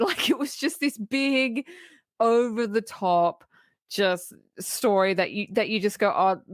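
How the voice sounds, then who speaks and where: A woman co-hosting a film podcast, recapping scenes in a lively, laughing way and swearing casually. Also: medium pitch, dry recording, studio quality. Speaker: podcast co-host. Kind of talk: casual film-review chat.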